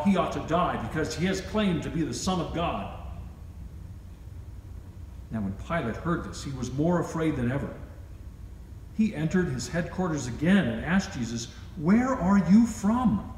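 At a worship service, a man with a fairly high, slightly mellow voice reads scripture aloud, raising his voice for quoted lines. The church is echoey with long reverb and a faint hiss.

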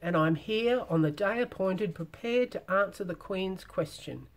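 A woman's voice: mid-range voice, expressive, a little slow. A woman voicing a desperate, earnest young knight in a storybook reading, formal and pleading.

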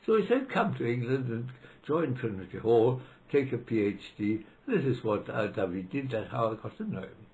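A man's voice: medium pitch, expressive, normal speed, hardly any pauses, darkish tone, poor audio. A man, reminiscing hesitantly in an interview, with many fillers and restarts. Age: 90s. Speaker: interviewee, retired law professor. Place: library room.

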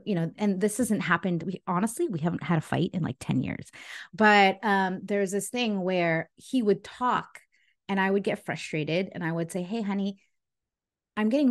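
A woman relationship coach, a guest on a podcast, talking in a casual, animated storytelling way and laughing often. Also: mid-range voice, moderate pace. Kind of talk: casual interview talk.

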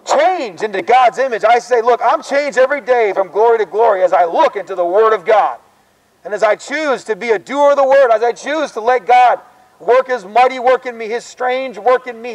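A man with a very high voice preaches in the open air on a college campus. He exhorts his listeners urgently and with fervor, pressing them to repent. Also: rough recording. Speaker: street preacher.

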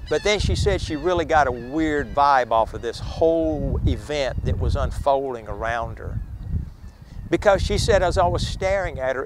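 A man's voice: on the high side, background noise. Man telling a dramatic ghost story. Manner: dramatic retelling, acting out quoted speakers. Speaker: ghost tour guide. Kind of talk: storytelling ghost tale to a tour group.

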